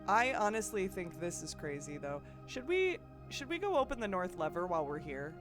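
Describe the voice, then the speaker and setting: A woman's voice: lowish voice, very animated, moderate pace, music in the background. Chatty woman streamer thinking aloud. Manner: thinks aloud, chatty with chat, hesitant restarts. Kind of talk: live gameplay commentary.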